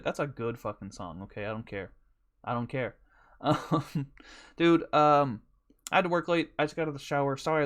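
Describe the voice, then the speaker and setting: Dude on his podcast, rambling stories, swears a ton, mid-pitch voice. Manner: rambling and profane, with laughs. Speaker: podcast host. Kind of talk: casual storytelling chat.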